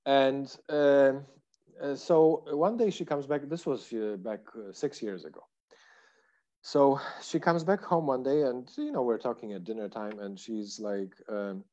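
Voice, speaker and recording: A middle-aged man with a Polish accent tells long, meandering stories as an interview guest, stopping and restarting with many "uh"s and "um"s. His voice is dark and mellow. The recording sounds a little dull. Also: mid-range voice, measured pace. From Poland. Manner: rambling, many fillers and restarts. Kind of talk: casual interview storytelling.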